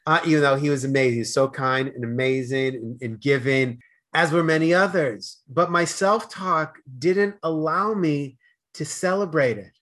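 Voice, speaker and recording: A man with a Boston accent talking fast as a podcast guest, with stammered restarts and slurred words. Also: on the high side, fairly bright tone. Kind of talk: casual conversation.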